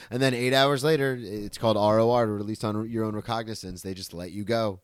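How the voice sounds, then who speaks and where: A man's voice: on the low side, fairly even intonation, a little fast, few pauses, clean tone, dry recording. A man hosting a podcast in casual chat, laid-back and wry. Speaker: podcast host.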